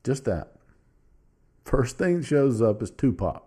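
A man's voice: medium pitch, big pitch swings, unhurried, pauses often, warm tone, breathy edge. A man hosting his own show, giving blunt, casual opinion commentary straight to the viewer and reading search results aloud. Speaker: podcast host.

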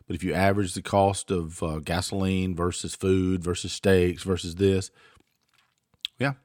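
A man's voice: low voice, level tone, unhurried, darkish tone, no room sound, studio quality. A man hosting his own show, delivering an angry political rant with frequent swearing. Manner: ranting, swears freely. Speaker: show host. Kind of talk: political commentary monologue. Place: home.

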